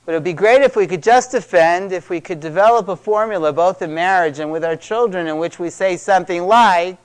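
Middle-aged guy talking to a crowd, bit high voice, smooth, hammers words by repeating em. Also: brisk. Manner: conversational, emphatic, repeats for stress. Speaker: speaker on parenting. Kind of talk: talk to a live audience.

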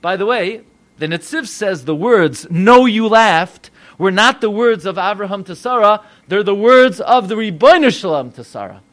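Man, rabbi, sermon, animated, rhetorical questions, high voice. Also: moderate pace.

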